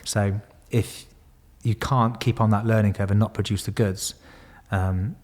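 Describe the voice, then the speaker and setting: Bloke, low-ish voice, swears a lot telling old stories. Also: male voice, steady tone, unhurried, darkish tone. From Bristol, England. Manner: swears freely, laughs through stories. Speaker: podcast guest, former Royal Marine. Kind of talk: casual storytelling.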